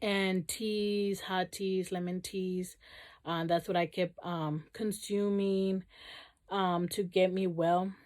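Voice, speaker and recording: A woman's voice: fairly low pitch, fairly even intonation, takes it slowly, darkish tone. A woman vlogger telling a personal story to camera, casual and rambling, with many fillers and restarts.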